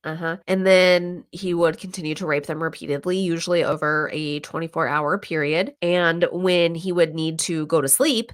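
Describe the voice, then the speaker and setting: A woman's voice: sits low, normal speed, hardly any pauses. A woman hosting a podcast, casually retelling a true crime episode and acting out the quotes. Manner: animated retelling with quoted voices and laughs. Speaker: podcast host.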